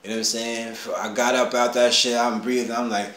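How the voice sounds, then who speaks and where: A man telling a personal story in casual street slang, animated, dropping low and then rising to excited shouts. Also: a little fast. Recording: roomy echo, faint background hum.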